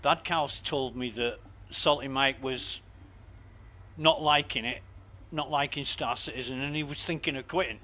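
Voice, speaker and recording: A man's voice: medium pitch, fairly even intonation, moderate pace, sharp tone. A man ranting casually and with lots of profanity while he plays a game and talks to his stream. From Britain. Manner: profane, indignant, rambling.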